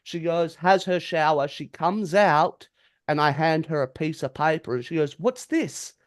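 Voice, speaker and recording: A man's voice: on the high side, steady tone, normal speed. A man, a podcast co-host telling a story in casual chat, acting out the quotes and swearing freely.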